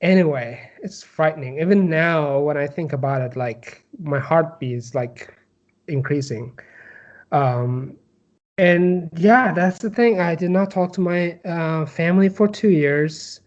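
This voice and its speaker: A young man from Turkey with a Turkish accent, telling his personal story as an interview guest, halting with many fillers and restarts. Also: fairly high pitch, muffled recording.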